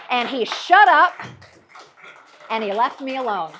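A middle-aged woman, a meteorologist telling folksy, lively stories as a guest speaker at a club. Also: mid-range voice, normal speed. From Kansas. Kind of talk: after-dinner talk, storytelling.

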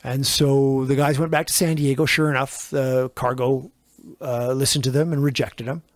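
A man of middle pitch recounts his studio days in a loose, rambling way, acting out the dialogue along the way. The sound is close and dry, with no room around it. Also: normal speed, dry recording. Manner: rambling, animated anecdotes with acted-out quotes. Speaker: record producer and engineer guest. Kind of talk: casual interview storytelling.

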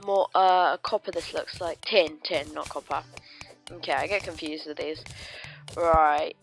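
A woman giving chatty, excitable let's play commentary, greeting the creatures she meets in a playful way. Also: deep voice, a little slow, gravelly, faint music behind.

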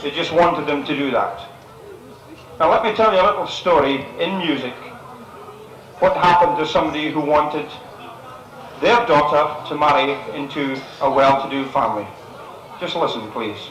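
A man's voice: fairly high pitch, normal speed, pauses often. A man from the northeast coast, a concert compere telling cheeky jokes and laughing at his own lines. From northeast coast of Scotland. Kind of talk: stand-up joke telling at a live concert. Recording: echoey hall with loud crowd. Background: audience laughter.

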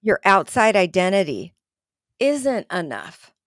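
A woman's voice: mid-range voice, big pitch swings, slow pace, no echo, studio quality. A woman hosting a podcast, talking reflectively and earnestly with her guest, often restarting her sentences. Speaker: podcast host. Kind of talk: conversational podcast interview.

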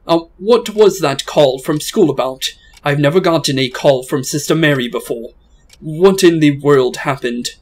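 A man reading a father's lines aloud from a story game in a soft, hesitant way. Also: fairly high pitch, moderate pace.

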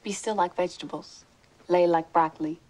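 A woman's voice: lowish voice, steady tone, fairly quick, a little mellow, close to an everyday voice, rough recording. An actress playing a cheeky, streetwise young woman in film dialogue. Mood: playful.

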